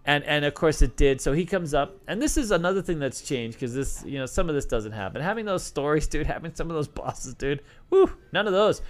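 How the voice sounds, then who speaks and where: Talking a little fast with barely any pauses, a middle-aged man who used to deal craps has a slightly high, lively voice. His casual Q&A answers wander into stories, packed with filler words and restarts.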